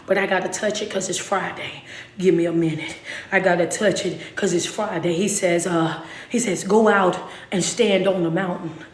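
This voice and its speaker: A woman's voice: fairly low pitch, steady tone, normal speed. A woman preaching a fervent live-streamed sermon, with call-and-response and repeated asks of "understand me?". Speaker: motivational preacher. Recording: roomy echo.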